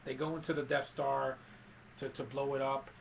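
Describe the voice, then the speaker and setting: A man recaps a film plot in a rambling, eager way, often restarting his sentences. His voice has a gravelly grain. The recording is dull and lo-fi, with a faint hiss underneath. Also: mid-range voice, level tone, normal speed. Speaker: film reviewer. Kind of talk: casual movie recap.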